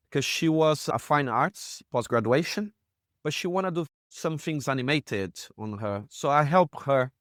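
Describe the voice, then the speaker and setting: A man's voice: medium pitch, no echo. A man with a Brazilian Portuguese accent tells his story in easy, loose English as a podcast guest, with grammar that often slips and a swear word here and there. His voice sits in an ordinary middle range and is recorded close and dry, with almost no room sound. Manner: relaxed storytelling, broken grammar, swears now and then. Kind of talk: casual conversation.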